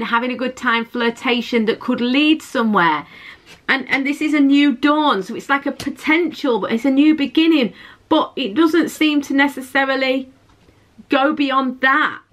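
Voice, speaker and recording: A woman's voice: high-pitched, fairly bright tone. A woman giving a chatty, intuitive tarot reading to her viewers, often repeating and restarting her phrases. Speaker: tarot reader.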